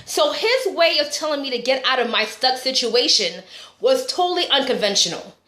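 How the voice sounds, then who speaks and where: Woman motivational coach, slightly high voice, animated storyteller, live-stream talk in an echoey room. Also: moderate pace. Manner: animated storytelling, frequent "right?" asides. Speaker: life coach and speaker.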